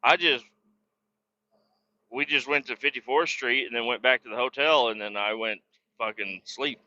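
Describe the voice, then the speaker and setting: A man's voice: mid-range voice, normal speed, bright, forceful tone, lo-fi sound. A man hosting a podcast, telling a rambling, profane story in a casual, blunt way. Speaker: podcast host.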